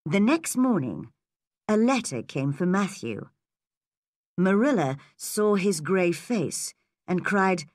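Slow, measured woman storyteller. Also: medium pitch, sing-song, no echo, clean studio sound. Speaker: narrator. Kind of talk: graded storybook reading for English learners.

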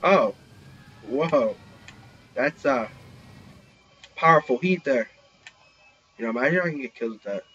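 A young man giving excited live commentary while playing an online shooter, talking into a headset. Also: mid-range voice, a little slow, long pauses, slight background noise. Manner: excitable, reacting loudly to kills. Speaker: gaming channel host. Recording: slightly dull lo-fi recording.

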